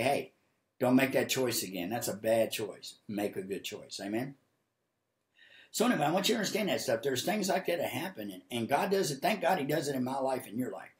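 A male preacher streams live from a home office. His voice carries a noticeable room echo. He tells folksy stories and keeps climbing into loud, ringing exhortation. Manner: folksy storytelling, builds to high, loud exhortation. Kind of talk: sermon with acted-out storytelling. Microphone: livestream camera mic.

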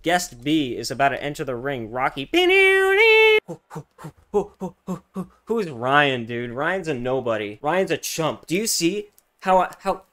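A young man, a gaming streamer, offers relaxed, foul-mouthed commentary on his gameplay, lurching between loud, excited bursts and quiet muttering.

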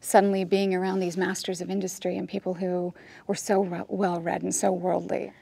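Actress guest in her forties, casual and reflective, frequent restarts, a touch of vocal fry. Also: lowish voice, little pitch movement, mellow, no room sound. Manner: thoughtful, halting, with many restarts. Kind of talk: casual roundtable conversation. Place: studio with a group of guests.

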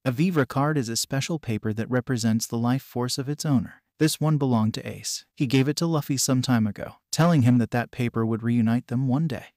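Casting: male fan-story narrator, steady, mid pitch, dry. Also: a little fast, hardly any pauses, dry recording.

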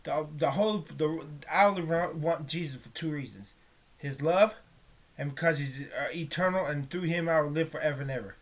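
A man praying aloud in a halting, pleading monologue, often breaking off and restarting, dropping to a hush at times. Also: a little high. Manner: drops to a hushed whisper at times. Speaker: vlogger. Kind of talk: spoken prayer monologue.

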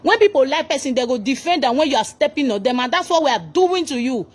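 A Nigerian woman commentator with a high voice, lively intonation and a quick pace rants angrily at a celebrity. She scolds and mocks, slipping into pidgin as she reacts.

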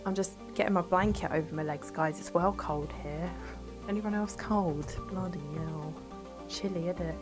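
A woman's voice: lowish voice, normal speed, music in the background. Chatty woman streaming a game. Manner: chatty, talks to her chat between game moments. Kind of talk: casual gameplay commentary.

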